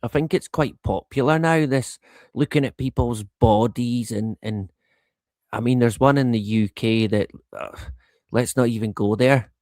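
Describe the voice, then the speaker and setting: A middle-aged man chats slowly and loosely on his live stream, drifting between thoughts. He swears freely and chuckles as he goes. His voice sits dry and close, with no room sound. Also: medium pitch, darkish tone, dry recording. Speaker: livestream host. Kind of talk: casual live-stream chat.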